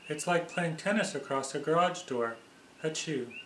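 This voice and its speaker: A man's voice: on the high side, normal speed, fairly bright tone, slight background noise, natural voice. A man voicing a quirky, playful man who is writing and eating ice cream. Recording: echoey room.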